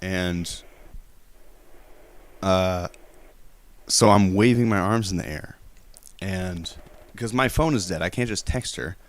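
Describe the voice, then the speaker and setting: Male prank caller, lowish voice, long-winded and flustered, clear stream mic. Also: slow pace, long pauses. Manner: rambling, hesitant, defensive, with many restarts. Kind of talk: prank phone call storytelling.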